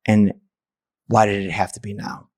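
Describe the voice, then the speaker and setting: A man's voice: on the low side, little pitch movement, moderate pace, a little mellow. A man, a podcast host, telling a personal story candidly and emotionally, stammering and restarting as he goes.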